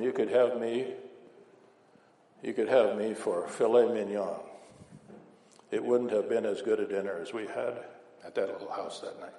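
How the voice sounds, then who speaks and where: A man's voice: mid-range voice, vocal fry, mellow. A man preaching an informal, folksy sermon with homespun anecdotes, often checking in with "right?". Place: church hall. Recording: echoey hall recording.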